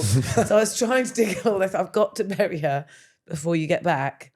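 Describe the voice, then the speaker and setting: A woman, hosting a podcast and telling a family story in a lively, laughing way. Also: lowish voice, a little fast. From England. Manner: animated, laughs through her story. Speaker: podcast host. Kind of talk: casual chat, storytelling.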